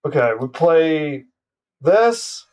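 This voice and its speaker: High-voiced man ranting at a card game. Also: expressive, extremely slow, darkish tone, distant mic. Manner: ranting, profane trash talk at the opponent. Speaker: streamer. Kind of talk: live gameplay commentary.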